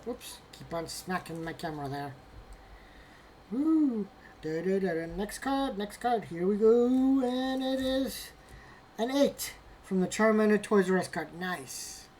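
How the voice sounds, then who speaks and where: Handling graded trading cards as she opens them, a woman narrates casually to herself in a medium-pitched, darkish voice. When the results disappoint, she laments with mock drama. Slight background noise is present.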